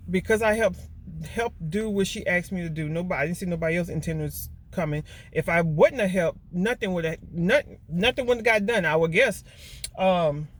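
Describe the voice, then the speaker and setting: A middle-aged woman, telling a story to her vlog viewers in a casual, emotional way, often repeating herself and stumbling over words. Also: fairly low pitch. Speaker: vlogger mom.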